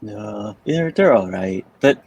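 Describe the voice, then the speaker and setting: A man with a lowish voice chats casually on a podcast, rambling through an anecdote and laughing often. A faint hiss of noise sits under his voice. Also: animated, slow pace, gravelly, muffled recording. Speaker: podcast panelist. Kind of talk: casual chat.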